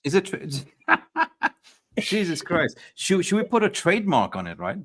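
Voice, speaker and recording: A man chatting as host of a fan live stream, talking casually into a streaming mic. He is excitable, laughs often and swears freely, and his pitch jumps around a lot. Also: measured pace.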